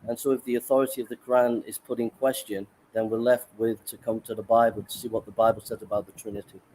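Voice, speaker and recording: A man calling in to a debate stream, laying out his argument in a measured, deliberate way. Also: fairly low pitch, level tone, darkish tone, slight background noise, poor audio. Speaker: caller. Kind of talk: debate presentation.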